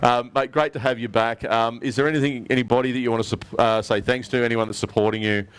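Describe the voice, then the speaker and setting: A man's voice: mid-range voice, fairly even intonation, fast, clean tone. An Australian man emceeing a live prize presentation at an outdoor weigh-in, upbeat and matey as he calls up each winner. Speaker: tournament emcee.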